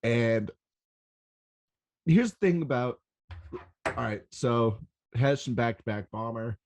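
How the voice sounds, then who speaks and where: A young man hosting a rave podcast, talking in an excitable, rambling way and swearing often. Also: medium pitch, takes it slowly. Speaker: podcast host. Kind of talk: casual solo podcast recap.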